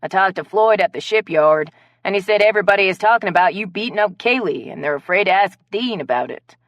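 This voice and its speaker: A woman narrator voicing an outspoken female friend talking loudly and indignantly on the phone in an audiobook. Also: mid-range voice, lively intonation, dry recording, highs cut off, natural voice. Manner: loud, indignant, quick.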